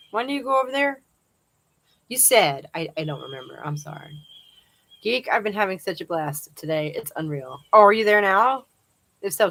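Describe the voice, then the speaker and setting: A woman's voice: medium pitch, a bit bright, low-quality recording. A woman hosting a live chat outdoors, casually reading viewer comments aloud and laughing often.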